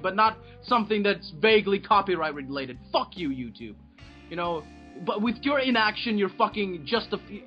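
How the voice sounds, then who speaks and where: Angry, swearing man with a high voice. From Russia. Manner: angry profane rant. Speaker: podcast co-host. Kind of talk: casual chat. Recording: dull lo-fi recording with faint music.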